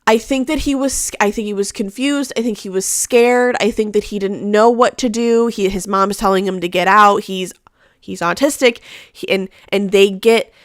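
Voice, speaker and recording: A woman's voice: medium pitch, steady tone, moderate pace, no room sound, clean studio sound. A woman hosting a casual live chat, rambling along with many fillers and restarts. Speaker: host; mother.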